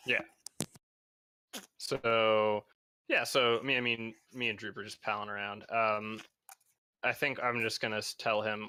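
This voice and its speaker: Pria santai agak mabuk, suara terang. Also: male voice, on the low side, flat delivery, unhurried, long pauses, pushed and bright, smooth, no room sound. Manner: laid-back, hesitant, many fillers. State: tipsy. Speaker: player. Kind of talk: casual chat in a tabletop game.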